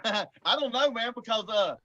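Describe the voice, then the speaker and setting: A forty-something man with a high, tense, bright voice. He is a guest on a live show, spinning a rowdy story in a blunt, swearing, chatty way and laughing often as he goes. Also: fairly quick, lo-fi sound. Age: 40s. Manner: animated, laughs often while telling. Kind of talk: casual storytelling.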